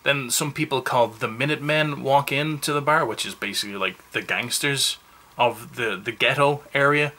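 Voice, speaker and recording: A man's voice: medium pitch, normal speed, sharp tone. A man giving a casual, rambling movie review, full of self-mocking asides.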